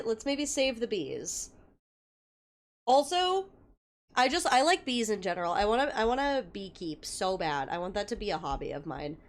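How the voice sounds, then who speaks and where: A young woman chatting casually with her viewers as a livestreamer, telling stories and swearing freely. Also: a little high. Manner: chatty storytelling with frequent swearing; greets viewers by name.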